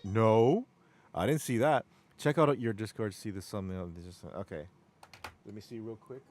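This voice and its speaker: A man's voice: fairly low pitch, moderate pace, a little mellow, faint music behind. A man hosting a casual live stream, rambling and enthusiastic, often repeating words. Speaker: stream host.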